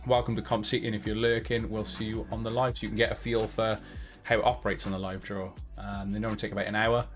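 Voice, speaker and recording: A man's voice: lowish voice, level tone, fast talker, soft background music. Chatty male stream host, laughs easily. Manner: chatty, laughs often, slips into put-on accents. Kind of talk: casual live-stream chat.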